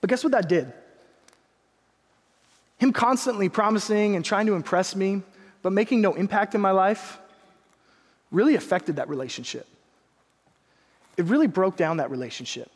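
A young man preaching a sermon, telling a personal story in an earnest, animated way, with quick asides to the congregation. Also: high voice, breathy edge, big-room sound. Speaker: pastor.

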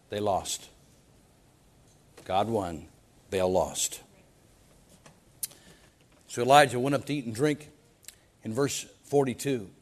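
A pastor preaching a sermon, reading Bible verses dramatically with folksy asides in between. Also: male voice, slow, long pauses. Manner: dramatic Bible reading with wide swings in loudness and pitch.

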